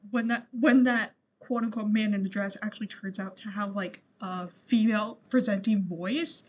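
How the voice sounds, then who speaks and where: A young woman co-hosting a podcast in casual chat, halting often and swearing freely. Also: mid-range voice, fairly even intonation, darkish tone, a little hiss or hum. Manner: halting, swearing, heavy on fillers. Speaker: podcast co-host.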